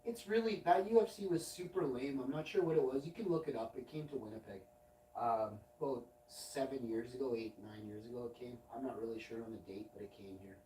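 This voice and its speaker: A man's voice: mid-range voice, brisk, dark tone, a little hiss or hum. Rambling man telling stories, far off-mic. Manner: loose, swearing, self-interrupting storyteller. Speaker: livestream host. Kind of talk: rambling late-night anecdote. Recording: roomy and distant from the mic.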